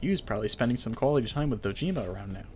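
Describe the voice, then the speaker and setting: Let's-play host, a man of middling pitch, reads game narration aloud in a relaxed way and cracks dry jokes in between. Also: rapid-fire, faint music behind. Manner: dry joking asides, relaxed reading. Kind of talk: reading game text aloud with casual commentary.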